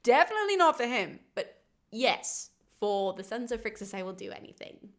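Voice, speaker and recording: A woman's voice: a little high, very animated, moderate pace. A woman voicing a sly, lovesick young sorceress who protests her innocence in a breathless, mock-innocent way while retelling a myth.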